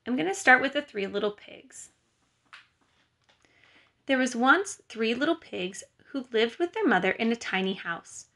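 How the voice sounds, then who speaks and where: A woman teacher giving a recorded lesson to schoolchildren and reading a story aloud in a clear, patient way. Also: on the high side, lively intonation, a little slow, pauses often, bright, forceful tone.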